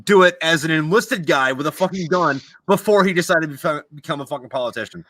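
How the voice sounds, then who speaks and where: An American podcast host rants heatedly during a video podcast recording, swearing a lot and stammering into restarts in casual chat. His fairly high voice is animated, fast and a bit bright, with no echo.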